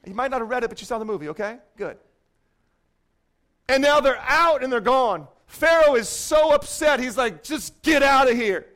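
A man preaching a sermon as pastor, swinging between loud declarations and hushed, quiet asides. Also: very high-pitched, lively intonation, normal speed.

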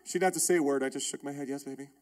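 A pastor in his thirties preaches a sermon built around a personal story, animated and emphatic, with repeated phrases. His voice is a little high and he talks at a racing pace, with slight background noise.

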